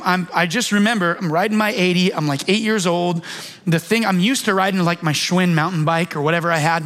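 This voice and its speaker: High-voiced man telling a sermon story. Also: fairly bright tone. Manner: conversational, restarts and fillers, acts out quoted lines. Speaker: pastor.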